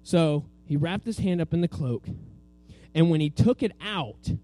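A man's voice: on the high side, animated, a little slow, mellow, faint music behind. A man teaching a children's Bible lesson, telling the story with energy and asking the kids to repeat words after him. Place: room with a group of children.

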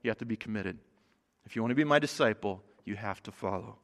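A preacher voicing a calm, assuring male teacher who calls his followers, speaking gently and earnestly. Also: on the low side, quick pace, voice pushed down. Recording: long hall reverb.

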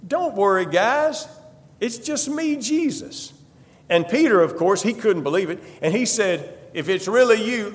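A male preacher tells a Bible story in the first person, emphatic and dramatic. His voice is high and swoops widely in pitch. The church gives each line a long reverberant tail. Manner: emphatic, repeats a refrain.

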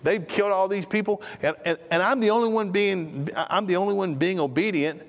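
A man's voice: high-pitched, a little fast, pitched above the performer's own voice. A man putting on a distraught, whining prophet. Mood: distraught complaining. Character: distraught whining male prophet, self-pitying. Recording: long reverb of a large hall.

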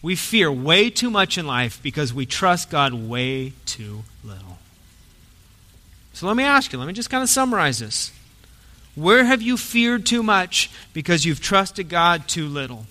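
High, bright-voiced preaching man in a hall. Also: sing-song, unhurried. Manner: dynamic preaching, swings from soft to forceful. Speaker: pastor. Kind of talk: sermon. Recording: long hall reverb.

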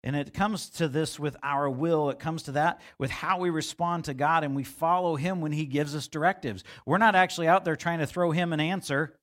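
Middle-aged male pastor, slightly high voice, casual sermon with lively quoted asides. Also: normal speed, hardly any pauses. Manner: conversational preaching, acts out God's voice with rising pitch.

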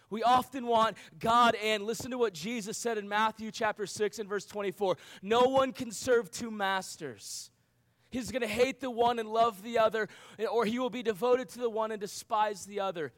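A man's voice: high-pitched, fairly even intonation, normal speed, fairly bright tone. A man preaching a sermon to young people, earnest, with rhetorical questions and emphatic repetition. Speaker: youth pastor.

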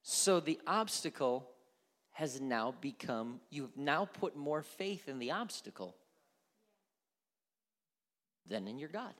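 A male pastor preaching a sermon in a church, animated and dramatic, sometimes dropping to near-whispers. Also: a little high, a little slow. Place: church sanctuary. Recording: long church reverb.

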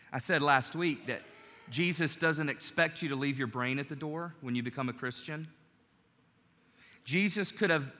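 A man's voice: a little high, sharp tone, big-room sound. A man preaching a sermon in a conversational way, acting out quoted lines as he goes. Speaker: pastor.

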